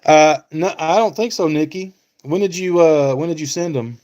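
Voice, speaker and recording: A man's voice: on the high side, normal speed, a little mellow. A man hosting a casual live stream, talking to viewers by name and thinking aloud with many fillers. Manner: talks back to chat viewers by name.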